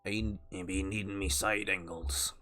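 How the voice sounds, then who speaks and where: A male streamer voicing a gruff, boisterous pirate captain while playing a game, with faint music behind. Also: deep voice, fairly even intonation, unhurried. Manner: growly pirate talk with shouted "yar" calls. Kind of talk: live gameplay stream.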